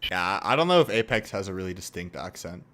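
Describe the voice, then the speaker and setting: Young male streamer, lively swooping delivery, casual reactive commentary, quick to laugh and curse. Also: low-pitched, slight background noise. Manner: animated, laughing, swearing, mocking impressions.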